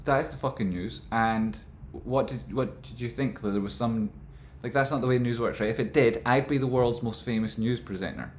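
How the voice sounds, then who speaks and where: A man rambling through casual stock market commentary, with animated, exasperated rants. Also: mid-range voice, moderate pace, few pauses, reverberant, slight background noise.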